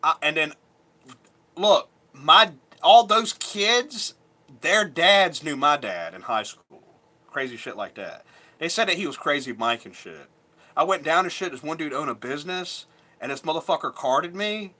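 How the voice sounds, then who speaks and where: Rambling, profane bright-voiced man. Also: on the high side, animated, measured pace. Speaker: vlogger. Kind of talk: casual storytelling.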